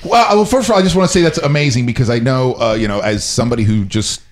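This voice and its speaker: Fast-talking young male co-host. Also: mid-range voice. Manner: quick and conversational, with fillers and restarts. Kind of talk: casual talk show chat.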